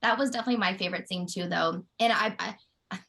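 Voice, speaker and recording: A woman's voice: mid-range voice, fast, creaky, pushed and bright. Chatty actress peppering her speech with fillers. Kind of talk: interview.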